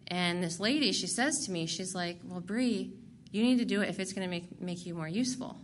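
A woman's voice: lowish voice, lively intonation, brisk, slight background noise. A woman candidly sharing her recovery story to a group, blunt and profane and laughing at herself. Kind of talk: candid personal testimony.

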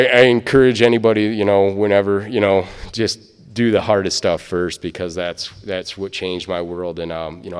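A man's voice: fairly low pitch, smooth. A man from Michigan tells his recovery story at a meeting, rambling with lots of "you know" and "um". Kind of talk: personal testimony storytelling. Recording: echoey hall.

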